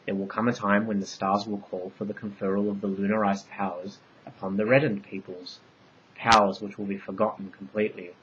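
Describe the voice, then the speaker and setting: A man voicing an ancient all-knowing divine queen, part bee, speaking in solemn, measured pronouncements. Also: lowish voice, little pitch movement, a bit bright, muffled recording, a little hiss or hum, lightly acted.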